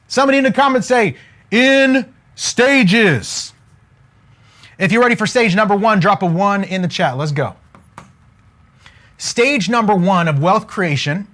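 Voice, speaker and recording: A high-voiced man runs a wealth-coaching live stream in an energetic, casual way. He jokes, takes on a preacher-like tone, and keeps pressing viewers to leave comments.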